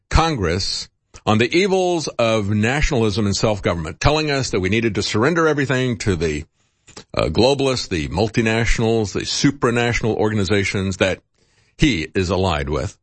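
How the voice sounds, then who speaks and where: A male talk-radio host delivering a heated commentary monologue, his pitch swinging widely as he goes. He sounds indignant and sarcastic. The recording is dry and close, with no room sound. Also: no room sound.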